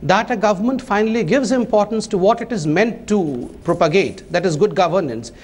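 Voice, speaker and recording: Man, party spokesman, high-pitched, emphatic and defensive. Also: fairly quick, darkish tone. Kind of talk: political debate.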